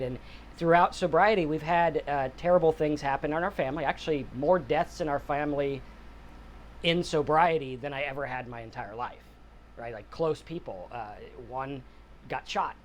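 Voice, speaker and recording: A man in his forties who hosts a sobriety channel speaks at normal speed in a slightly high voice, with a little hiss or hum in the audio. His casual reflective monologue is earnest and rambling, and he often checks in with a "right?".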